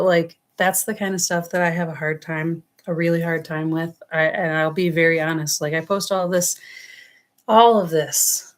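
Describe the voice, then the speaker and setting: Woman, New York accent, low-ish voice, chatty tarot reader on a livestream, affectionate and meandering. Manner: affectionate, rambling, calls viewers loves and darling. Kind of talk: casual live-stream reading. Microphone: webcam or phone on a livestream.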